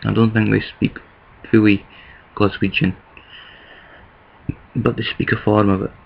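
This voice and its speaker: A low-voiced Scottish man talks straight to camera in a loose, rambling vlog, his tone flat and gravelly as he thinks aloud and restarts his sentences. The recording is dull and lo-fi. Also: unhurried. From east of Scotland. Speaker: vlogger. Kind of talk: casual talking-to-camera vlog.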